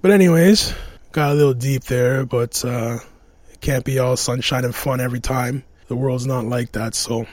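Male podcast host, mid pitch, casual rambling storyteller, close dry mic. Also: fairly even intonation, normal speed, a little mellow, no room sound. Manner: rambling, laughs often, restarts.

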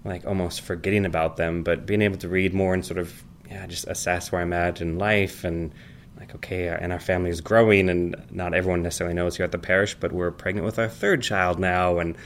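Low-voiced man in rambling casual chat. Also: brisk, slight background noise. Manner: rambling, animated storyteller, acts out high-pitched dialogue.

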